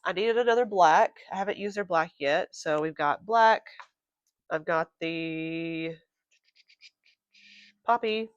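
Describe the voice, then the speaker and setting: A woman's voice: on the low side, slow, long pauses, clean tone, no echo, dull audio. A woman vlogging about crochet in a casual, rambling, chatty way. Her voice is congested and nasal. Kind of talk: casual show-and-tell chat.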